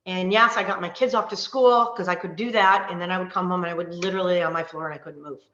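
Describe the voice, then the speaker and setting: Passionate woman coach, fast and forceful, roomy and lo-fi video-call sound. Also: on the low side, steady tone. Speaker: wellness coach. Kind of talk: live online workshop talk. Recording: roomy, dull lo-fi call audio.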